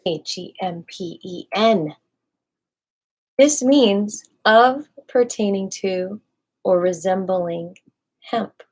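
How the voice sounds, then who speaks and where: A woman hosting a live video, reading dictionary entries aloud with playful, musing asides to viewers and occasional soft whispers. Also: mid-range voice, extremely slow, pauses often.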